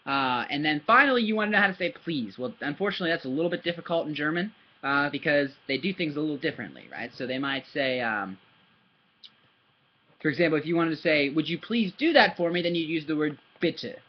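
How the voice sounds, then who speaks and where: Guy tutoring a kid in german, patient, lively up-and-down voice, kinda husky, muffled lo-fi audio. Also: on the high side, a little fast. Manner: patient, repeats words and asks "yeah?" often; demonstrates sounds with paper and hand. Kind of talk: casual one-on-one language lesson for a child.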